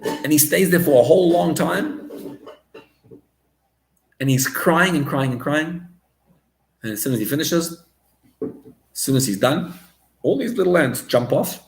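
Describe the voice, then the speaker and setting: A man's voice: fairly high pitch, animated, measured pace, gravelly, long pauses, slight background noise, pitched above the performer's own voice. A man doing a bewildered old-world wagon driver. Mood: puzzled. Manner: wondering, confiding, repeats himself. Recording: roomy echo.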